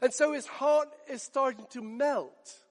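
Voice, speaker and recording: Preacher guy with a high voice, slow and dramatic, big echoey church hall. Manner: dramatic, acts out quoted lines with hushed slow emphasis. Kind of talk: sermon.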